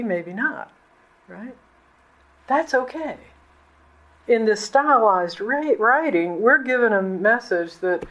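A middle-aged woman pastor preaches in a relaxed, chatty way, mixing plain talk with slang. Her voice sits at an ordinary middle pitch and often leaps upward when she stresses a point. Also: muffled recording. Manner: casual, colloquial, pitch often jumps up. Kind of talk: conversational sermon.

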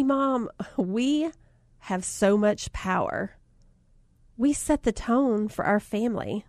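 A woman with a Southern US accent talks in a casual, motivational way, spinning lively personal stories and laughing between lines. Her voice sits a bit high for a woman, and she talks often to her listeners as y'all. The sound is dry and close, with almost no room echo. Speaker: speaker sharing life lessons.

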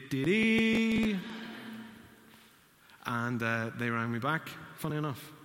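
In a reverberant church hall, a man with a mid-range voice and a bright, forceful tone delivers a sermon as pastor. He narrates a story, dramatizing the quoted lines as he goes.

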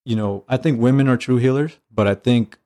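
A man who is a catching coach and trainer, chatting casually on a podcast and telling stories with lively acted-out dialogue and easy swearing. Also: mid-range voice, fairly quick. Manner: animated storyteller, acts out dialogue, swears casually.

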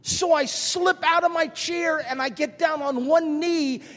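A man's voice: extremely high pitch, steady tone, measured pace, a bit bright, long reverb tail. An older man preaching a sermon, telling stories with self-deprecating humor and speaking straight to his congregation. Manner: directly addresses the congregation. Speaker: pastor.

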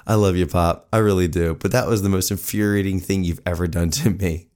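A man in his forties hosting a solo podcast, telling a story in an animated, self-mocking way. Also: deep voice, brisk, hardly any pauses. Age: 40s. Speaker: podcast host.

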